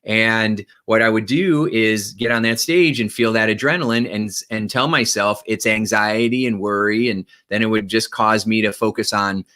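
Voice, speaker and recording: A man giving an energetic motivational talk to his viewers, often checking in with "right?" and "okay?". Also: on the low side, moderate pace, few pauses. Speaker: motivational speaker.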